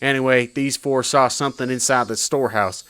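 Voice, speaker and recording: Bright-voiced man casually reading a visual novel. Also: mid-range voice, steady tone, brisk, smooth. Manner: casual, offhand, swearing. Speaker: let's-play host reading a visual novel. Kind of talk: casual game narration.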